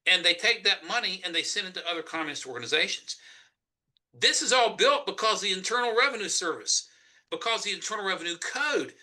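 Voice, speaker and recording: Man, Southern US accent, political interview guest, emphatic, sharp tense tone. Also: high-pitched. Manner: emphatic, forceful argument. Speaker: Senate candidate guest.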